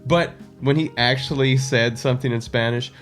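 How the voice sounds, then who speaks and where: A man's voice: medium pitch, normal speed, soft background music. A man co-hosting a casual movie discussion, joking and laughing often. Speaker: podcast co-host.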